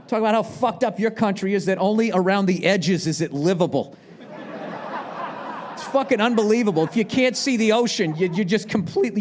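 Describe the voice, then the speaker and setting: Guy doing stand-up, high-ish voice, sarcastic swearing rant, shouts now and then, big live room. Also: fairly quick. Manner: profane, sarcastic ranting with shouted bursts. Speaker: stand-up comedian. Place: large live venue with audience. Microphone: handheld microphone.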